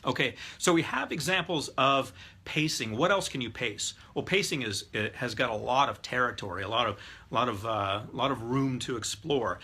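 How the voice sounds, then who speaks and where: A man's voice: medium pitch, normal speed, bright, forceful tone, husky. A middle-aged man lecturing a live class on rapport techniques, explaining step by step and demonstrating voices and breathing aloud. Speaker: hypnotist teaching NLP.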